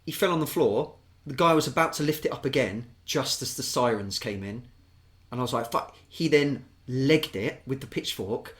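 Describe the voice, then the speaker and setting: British man, podcast co-host, lively storyteller, swears freely, mid pitch. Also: normal speed. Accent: British English. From England. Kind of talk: casual storytelling chat.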